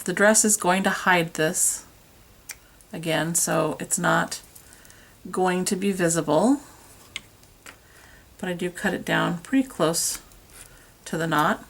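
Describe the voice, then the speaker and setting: A woman's voice: fairly low pitch, lively intonation, slow, vocal fry, long pauses, fairly bright tone. A woman talking casually through a craft demonstration as she works, chatty and self-deprecating, recorded by a camera on a tripod. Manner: chatty, self-deprecating, talks while working with her hands. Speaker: craft tutorial host.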